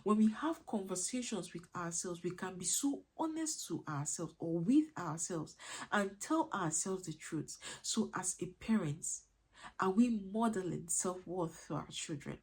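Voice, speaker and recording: An earnest woman coaching parents, her voice a little husky and breathy. She keeps circling back with rhetorical questions to press each point home. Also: on the low side, lively intonation, unhurried. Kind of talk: motivational teaching talk.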